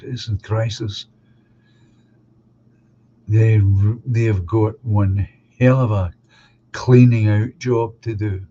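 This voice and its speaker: Reading out viewer comments on his livestream, a middle-aged man with a Glasgow accent chats casually, blunt and full of opinions. His voice is fairly low and mellow, with cut-off highs and a little hiss or hum.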